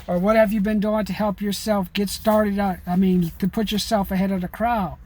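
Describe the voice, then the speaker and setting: A man vlogging in a rambling, animated way, with many restarts and "man" tags. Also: sits high, normal speed. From California. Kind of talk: casual chat to camera.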